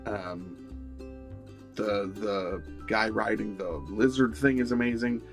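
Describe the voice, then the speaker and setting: A man hosting a miniature painting tutorial, talking in a relaxed, rambling way with many fillers. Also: fairly low pitch, slow pace, creaky, music in the background. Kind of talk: casual tutorial narration.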